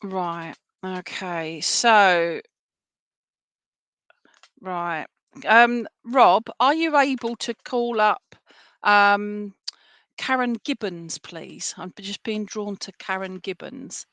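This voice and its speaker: A soft-spoken woman delivers clairvoyant messages at a middle pitch, her tone gentle and reassuring. She keeps checking in with her listeners as she goes. The sound is dry and close, with no room echo. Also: drawn-out words, smooth. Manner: gentle, reassuring, full of fillers and "all right?" tag questions. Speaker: spiritualist medium. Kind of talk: relaying clairvoyant messages at an online service. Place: at home for an online church service.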